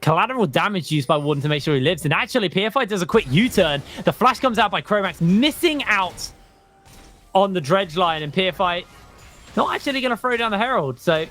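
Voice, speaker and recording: Man, esports play-by-play caster, fairly high voice, faint music behind. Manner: quick, energetic play calling.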